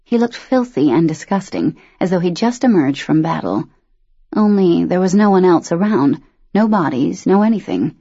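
A woman narrates a novel in a low, husky voice with a steady, measured delivery. The recording is dry and somewhat dull, with a lo-fi sound. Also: no room sound. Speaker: audiobook narrator. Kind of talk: scripted narration.

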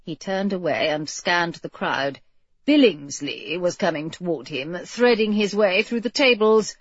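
A woman's voice: on the low side, a little slow, slightly rough, dry recording. A woman narrating a storybook in a wry, playful scripted read. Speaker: audiobook narrator. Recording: dull lo-fi, dry.

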